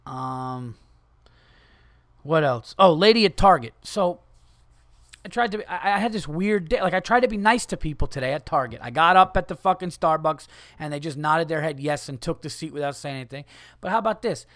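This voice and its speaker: A man with a fairly high voice rants casually into a close mic on his podcast. He swears often and jumps into the voices of the people in his stories, and the sound is dry and close with no room around it. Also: moderate pace, dry recording. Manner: profane, animated, acts out quoted people. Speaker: podcast host. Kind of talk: casual solo comedy rant.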